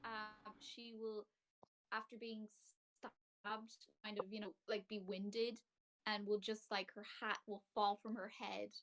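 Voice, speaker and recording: A woman's voice: medium pitch, little pitch movement, slow pace, a little hiss or hum, low-quality recording. Hesitant woman player on a call. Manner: hesitant, full of fillers. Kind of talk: casual tabletop game play.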